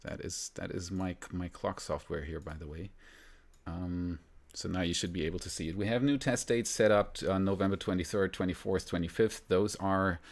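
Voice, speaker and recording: A man from Germany hosting a live stream, chatting casually and rambling a little, with frequent fillers and soft laughs. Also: deep voice, fairly even intonation, moderate pace. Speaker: livestream host.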